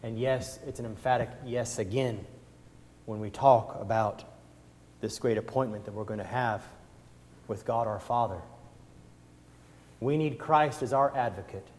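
A man preaching a sermon, moving between soft pleading and loud, emphatic passages as he calls listeners forward. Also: mid-range voice, measured pace, pauses often. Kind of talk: sermon with invitation. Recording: long reverb of a church hall.

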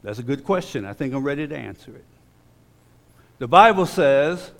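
A man preaching a sermon with emphasis, slowing down to read scripture aloud and dropping into relaxed, stumbling asides to the congregation. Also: medium pitch, big-room sound. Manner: emphatic, slows down when reading scripture; conversational asides with repeated restarts.

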